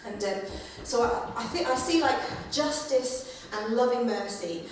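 A woman giving a conversational sermon, with many fillers and lively acted-out quotes. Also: on the high side, a little slow, distant mic, a little hiss or hum. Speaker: preacher. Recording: echoey room, voice from afar.

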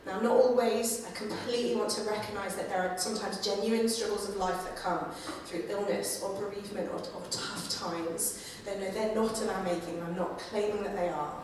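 A woman's voice: mid-range voice, fairly even intonation, brisk, hardly any pauses, far from the mic, slight background noise. Woman preaching in an echoey church. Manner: conversational, with many fillers and acted-out quotes. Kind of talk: sermon. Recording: echoey room, voice from afar.

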